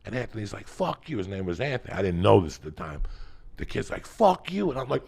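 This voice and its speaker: A man, hosting a podcast and telling a story loudly, swearing constantly and acting out every voice. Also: on the low side, quick pace, creaky, slightly rough. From North Bergen, New Jersey. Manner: loud, animated, swears constantly, acts out every voice. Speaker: podcast host. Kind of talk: profane storytelling in casual chat.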